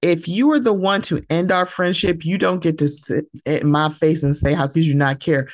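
A woman's voice: deep voice, fairly even intonation, normal speed, hardly any pauses, dry recording, studio quality. A woman hosting a solo podcast, talking in a casual, emphatic way, swearing freely and acting out the people she quotes. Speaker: podcast host. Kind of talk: solo casual chat about reality TV.

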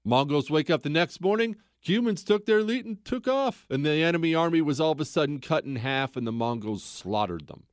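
A man's voice: on the high side, expressive, fairly quick, few pauses, no room sound, clean studio sound. A man hosting a podcast who tells history casually and conversationally, full of rhetorical questions. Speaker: podcast host.

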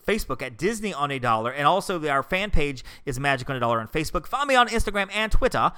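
A man's voice: on the high side, big pitch swings, quick pace, sharp tone, clear, resonant tone. A man with a nasal voice hosting a casual podcast, chatty and upbeat, with a lot of fillers as he talks listeners through travel advice. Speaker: podcast host and travel agent.

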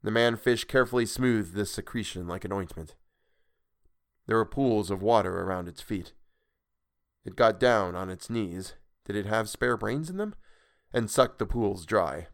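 A man narrating a storybook in a measured, expressive reading. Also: fairly low pitch, no echo, clean studio sound.

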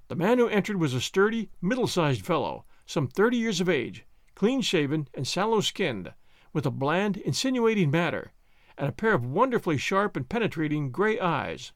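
A man narrating an audiobook in the first person, with an expressive storytelling delivery. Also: high voice, normal speed, dry recording, studio quality.

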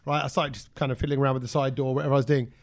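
A man, co-hosting a podcast and telling an animated story in casual chat. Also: medium pitch, very fast, gravelly. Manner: animated, acts out quotes, says "bruv" often. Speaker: podcast co-host.

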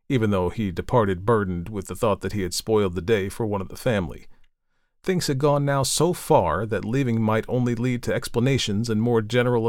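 A man narrating a classic novel in a measured, even reading style. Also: medium pitch, dry recording, studio quality. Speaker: audiobook narrator.

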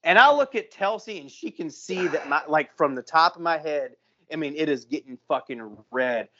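A man's voice: a little high, moderate pace. A man co-hosting a podcast, telling a long story in casual chat, cursing often and acting out the people in it. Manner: profane, animated storyteller. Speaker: podcast co-host. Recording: muffled lo-fi audio.

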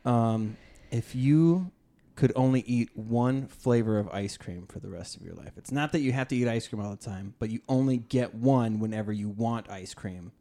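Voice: medium pitch, normal speed, warm tone. A podcast host in casual chat, jokey and fond of puns, hesitating with fillers when asking questions.

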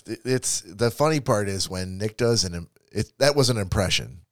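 A middle-aged podcast co-host thinking aloud, with frequent restarts. His voice sits on the low side, and it is recorded close and dry with no room sound. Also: lively intonation, moderate pace, dry recording. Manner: rambling, self-interrupting, reflective. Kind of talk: casual chat.

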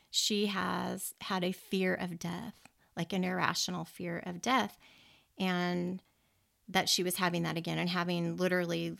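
Gravelly-voiced woman sharing her faith. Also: mid-range voice. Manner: earnest, rambling, with frequent restarts and soft laughs. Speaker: podcast host. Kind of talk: personal faith talk.

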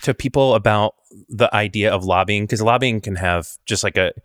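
Halting man, lowish voice. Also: fairly bright tone, clear, resonant tone, dry recording, studio quality. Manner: halting, searching, many restarts. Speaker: podcast host. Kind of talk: interview conversation.

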